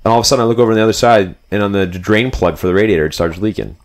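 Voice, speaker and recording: A man's voice: lowish voice, very fast. A young man telling a road trip story in casual, rambling podcast chat, full of "like" and "dude". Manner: rambling, animated, fillers like "like" and "dude".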